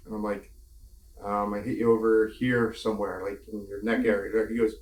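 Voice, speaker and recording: Low-voiced man telling wrestling stories. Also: level tone, a little fast, darkish tone. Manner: candid, laughing storyteller with mild swearing. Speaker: former wrestler interviewee. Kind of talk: casual storytelling interview. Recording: echoey room.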